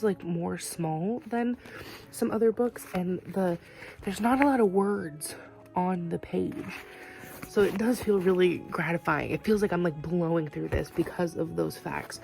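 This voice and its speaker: A woman's voice: fairly low pitch, gravelly, a little mellow. A woman talking casually in a reading vlog, rambling with lots of "like" fillers. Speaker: reading vlogger.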